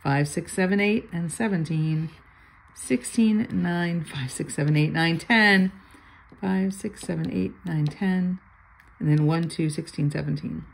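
Gravelly older woman chatting over scratch-offs. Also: on the low side, measured pace, poor audio. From Florida. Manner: chatty, playful, mutters numbers under her breath. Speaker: lottery scratch-off vlogger. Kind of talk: casual chat while scratching tickets.

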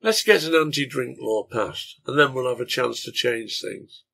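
A man's voice: mid-range voice, animated, normal speed, creaky, sharp tone, breathy edge, exaggerated voice. A man voicing a strong, burly drinker who talks bluntly and firmly.

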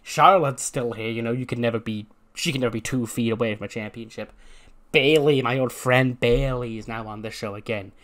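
A boastful female wrestling champion, read out by a man cutting a ring promo. The voice stays at an ordinary middle pitch. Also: fairly quick, fairly bright tone, close to an everyday voice.

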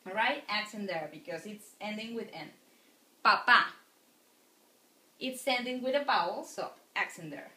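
A woman's voice: medium pitch, animated, brisk, few pauses, fairly bright tone. A woman teaching a lecture, patiently repeating words for her students. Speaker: Spanish teacher. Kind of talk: recorded classroom lecture. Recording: echoey room.

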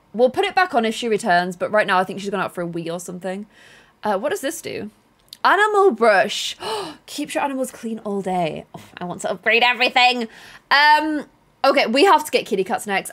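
A young woman streaming a game live, chattering excitably and getting flustered, reading out chat messages between plays. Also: fairly high pitch. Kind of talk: live gameplay commentary.

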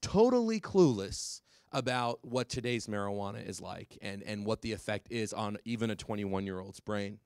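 A man giving a public talk to parents, animated and quick, with many fillers and restarts. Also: lowish voice, clear, resonant tone, no echo, studio quality. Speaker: drug policy speaker.

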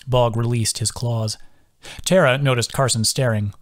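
A man's voice: medium pitch, normal speed. A man reading his own fantasy novel aloud as audiobook narration. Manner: lively, expressive reading.

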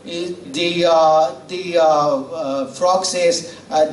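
A male preacher with a slightly high voice talks through a sermon in a loose, conversational way, stopping to question his listeners. He is heard from a distance in a roomy church sanctuary, with a faint hum of ambience behind him. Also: steady tone, very slow, few pauses. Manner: conversational, with fillers, asks the congregation questions. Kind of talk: sermon with storytelling. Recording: roomy church audio from far off.

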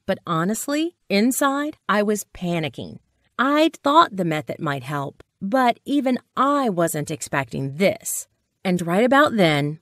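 A woman's voice: medium pitch, dry recording, studio quality. Dramatic woman narrating a sales story.

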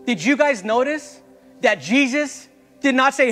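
A young male youth pastor preaches with fervor in a very high voice, often urging the listeners directly. His words ring through a reverberant church hall while soft music plays underneath. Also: expressive, unhurried. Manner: impassioned preaching, repeated calls to the congregation. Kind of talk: sermon.

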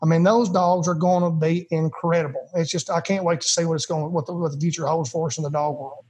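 A man's voice: on the high side, little pitch movement, fast talker, a little mellow, slightly rough. A man who trains hunting retrievers, guesting on a podcast and talking in a folksy, emphatic way that repeats words for stress. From United States. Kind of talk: casual interview talk.

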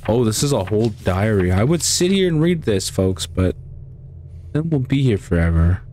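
A man's voice: fairly low pitch, very animated, normal speed, mellow, slight background noise. A man commentating a horror game as he plays, swearing often and shrieking when he gets startled. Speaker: let's play gamer.

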